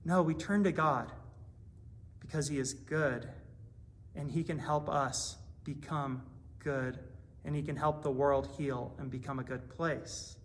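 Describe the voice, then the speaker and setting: A man with a high voice delivers a sermon in a small church. He talks in an earnest, conversational way, leaning into his points with growing emphasis. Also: steady tone, a little slow. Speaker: pastor.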